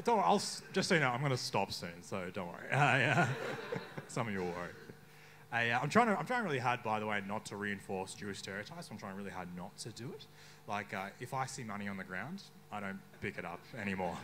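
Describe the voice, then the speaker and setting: A young man with an Australian accent doing a stand-up comedy set on a bar stage, deadpan with sudden outbursts. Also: lowish voice, fairly quick, a little hiss or hum. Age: young adult. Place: bar stage before a live crowd.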